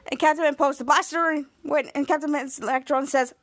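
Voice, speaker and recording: A high-pitched woman hosts a casual podcast, recapping a TV episode and slipping into the characters' lines as she tells it. Her voice is bright and lively, and it sounds close and dry with no room echo. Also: fairly quick. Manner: lively retelling, acting out quoted dialogue. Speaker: podcast host.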